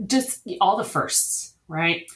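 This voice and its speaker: A woman's voice: medium pitch, fairly bright tone. A woman guest in an interview, an eager and talkative storyteller. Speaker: diabetes camp director, guest. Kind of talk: conversational interview. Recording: echoey room.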